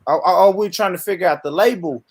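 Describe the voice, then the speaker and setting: A man's voice: high voice, fast. A man from Tennessee hosting a casual panel chat, easygoing, laughing often and steering the talk. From Tennessee, United States. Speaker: podcast host.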